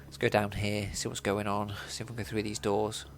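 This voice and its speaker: A man's voice: lowish voice, level tone, a little fast, gravelly, soft background music. A man casually playing through a video game, reading its text aloud and commenting with swearing and laughter. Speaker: let's player.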